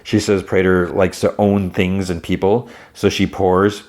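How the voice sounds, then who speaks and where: Rambling deep-voiced podcast host. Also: male voice, measured pace. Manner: rambling, excitable, lots of "like". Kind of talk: casual recap of a TV episode.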